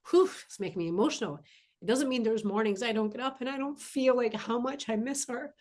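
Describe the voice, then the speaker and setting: A woman's voice: on the high side, a little fast, darkish tone. A woman spiritual teacher giving an earnest, emphatic inspirational monologue, often repeating key phrases for weight.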